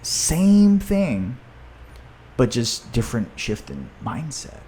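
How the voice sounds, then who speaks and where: A man's voice: mid-range voice, sing-song, takes it slowly, dark tone, slight background noise. A man hosting a podcast in a casual, enthusiastic talk, often adding "you know" and "right?". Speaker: podcast host and author.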